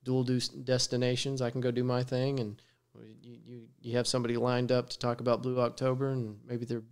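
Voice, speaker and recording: A man with a Texan drawl talks loosely and easily on his podcast, spinning stories about travel and personal space. He laughs often and keeps the chat relaxed and friendly. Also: medium pitch, a little fast, clean tone. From West Texas. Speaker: podcast host. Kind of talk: casual chat. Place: studio with guest six feet away.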